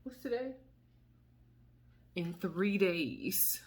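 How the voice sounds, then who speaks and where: Sassy expressive woman in her thirties. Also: medium pitch, very slow, breathy edge. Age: 30s. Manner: expressive, sassy, laughs and exclaims often. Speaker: vlogger. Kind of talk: casual chat to camera.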